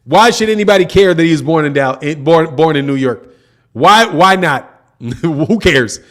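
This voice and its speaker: A man with a fairly high voice hosts a casual boxing livestream. He talks in loose slang, laughs often and keeps tacking "man" onto his sentences. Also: animated, normal speed, a bit bright. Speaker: boxing channel host. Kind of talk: casual livestream chat reading comments.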